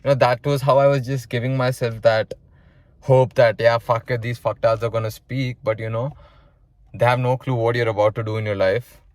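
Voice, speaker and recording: A man's voice: mid-range voice, steady tone, normal speed, darkish tone, no echo. A young man from South India casually telling a personal story in a blunt way, full of swearing and "you know". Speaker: vlogger telling his story.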